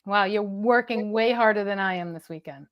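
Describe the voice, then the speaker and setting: A woman's voice: mid-range voice, normal speed, dull audio. A middle-aged woman, a comedian co-hosting, rambling and laughing as she bickers with her husband. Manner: chatty, giggly, rambling storytelling. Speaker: comedian co-host. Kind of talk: comic bickering chat.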